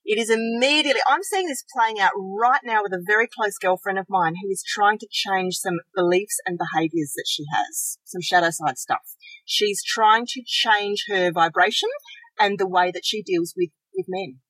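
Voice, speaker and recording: A woman co-hosting a spiritual podcast, talking earnestly and rushing through lists with restarts. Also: medium pitch, a bit bright, no room sound, low-quality recording. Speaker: podcast co-host. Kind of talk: casual spiritual podcast chat.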